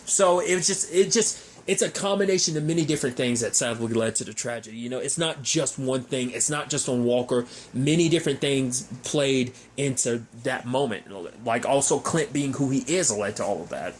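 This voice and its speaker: A man casually recapping a TV episode, rambling and animated, with frequent fillers and restarts. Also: mid-range voice, normal speed, hardly any pauses, slight background noise. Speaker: TV show recapper.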